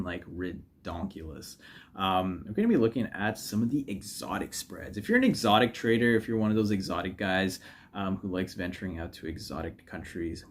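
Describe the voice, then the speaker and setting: A man with a lowish voice rambles through a casual trading commentary for his channel. He jokes as he goes, stumbles over fillers and restarts, and keeps fixing his own words. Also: a little hiss or hum. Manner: rambling and joking, self-correcting, filler-heavy. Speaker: forex trading YouTuber. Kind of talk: casual screen-share commentary.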